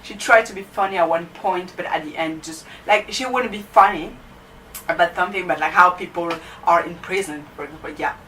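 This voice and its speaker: Young female student vlogger, low-pitched and chatty, set back from the mic. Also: brisk, pushed and bright. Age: young adult. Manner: chatty, many fillers like "you know" and "like". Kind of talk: casual storytelling chat. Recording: distant mic with faint background noise.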